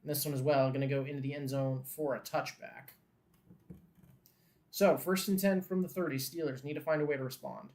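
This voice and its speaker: Male watchalong host, a bit higher-pitched, frustrated fan who turns into an eager play-by-play caller. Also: brisk. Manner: frustrated fan grumbling, swearing, bursts of excitement on big plays. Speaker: host of a live game watchalong. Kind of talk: casual live game commentary.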